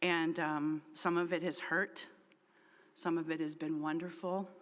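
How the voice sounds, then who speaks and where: Slow, deliberate woman preaching in a hall. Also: deep voice, level tone. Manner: earnest, emphatic, with repeated phrases. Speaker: pastor. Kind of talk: sermon. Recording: long reverb of a large hall.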